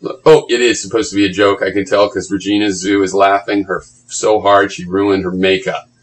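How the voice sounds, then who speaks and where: A man's voice: low voice, little pitch movement, fairly quick, rough recording. A man reading blog comments aloud and mocking them in a sarcastic, profane running commentary.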